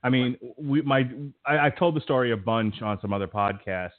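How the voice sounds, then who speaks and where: A man's voice: medium pitch, normal speed. A middle-aged man hosting a podcast in casual chat, talking in a rambling way with lots of restarts. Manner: stumbling, rambling storyteller with many restarts. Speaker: podcast host. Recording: tinny phone-like line.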